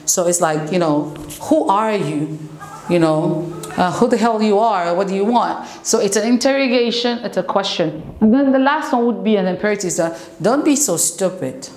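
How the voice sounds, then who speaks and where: A woman English teacher giving a relaxed, conversational classroom lesson, mixing in French explanations. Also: medium pitch, normal speed. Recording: echoey room, faint noise.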